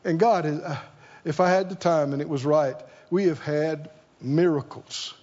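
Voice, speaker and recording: A man's voice: a little high, moderate pace, darkish tone, dull audio. A man preaching a sermon, emphatic and fond of rhetorical questions.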